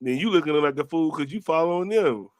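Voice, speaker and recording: A man hosting a casual podcast interview, telling stories in a relaxed, slangy way and often trailing off quietly. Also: fairly high pitch, brisk, dry recording. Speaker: podcast host.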